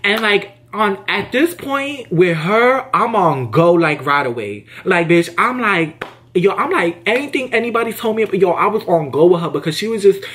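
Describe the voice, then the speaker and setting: A young man telling a casual storytime to camera, slangy and emphatic, often jumping his pitch up high to act out what people said. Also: normal speed. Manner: animated, slangy and emphatic, acts out quotes with big pitch jumps. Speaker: vlogger.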